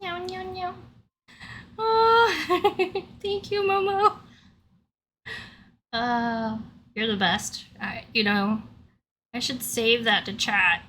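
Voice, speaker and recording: A woman's voice: a little high, extremely slow, pauses often, bright, forceful tone, a little hiss or hum, poor audio. A woman livestreamer chatting casually with her viewers in a playful, giggly way, laughing often.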